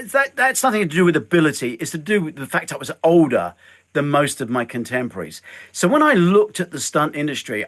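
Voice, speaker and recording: Older guy spinning a story, voice jumps all over, a bit higher than most men. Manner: animated, acts out quoted lines. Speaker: guest, stuntman and filmmaker. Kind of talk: storytelling interview chat.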